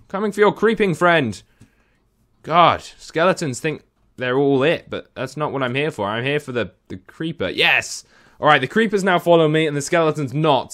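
A young man gives running gameplay commentary in a higher, very lively voice that leaps up and down. He is excitable, talking to the creatures on screen and addressing his viewers directly. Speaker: gaming video host.

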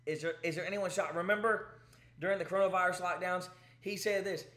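Male commentary host, emphatic and exasperated, high-pitched, echoey room. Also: steady tone, a little fast, fairly bright tone. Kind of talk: ranting commentary.

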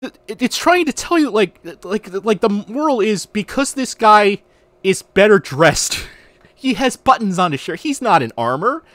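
A man's voice: sits high, moderate pace, no room sound. A man hosting a podcast, ranting casually with lots of swearing and restarts. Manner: animated, profane, ranting with restarts. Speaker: podcast host. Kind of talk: casual livestream rant.

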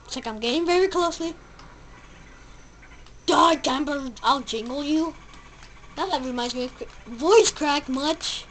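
A woman giving casual gameplay commentary, excitable, yelping at the game and babbling silly sound effects. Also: high voice, moderate pace, long pauses, slight background noise, rough recording. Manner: excitable, yelps and shouts at the game. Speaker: let's play gamer.

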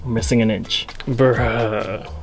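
A young man casually narrating a vlog, joking and relaxed as he shows off a small living space he built. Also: mid-range voice, slow pace. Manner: relaxed, joking, says "bruh" often. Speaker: vlogger. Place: inside a converted SUV. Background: background music.

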